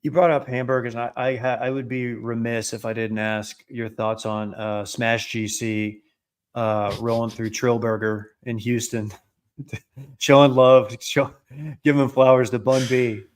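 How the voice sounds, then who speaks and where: A man with a Worcester, Massachusetts accent chatting about sports. He is playful and teasing. His voice sits at an ordinary middle pitch. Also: little pitch movement, unhurried. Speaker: podcast co-host. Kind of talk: casual sports chat.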